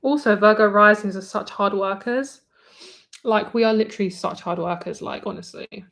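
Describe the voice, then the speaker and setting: A woman's voice: mid-range voice, moderate pace, a bit bright. A young British woman, a tarot reader, chatting candidly with viewers on a live stream, swearing freely and saying "like" often.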